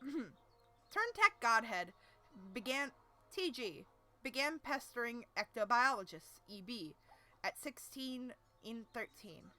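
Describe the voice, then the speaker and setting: A woman's voice: fairly high pitch, sing-song, slow, sharp tone. A woman reading a webcomic aloud on a live stream, with casual, self-deprecating asides and stumbling over words.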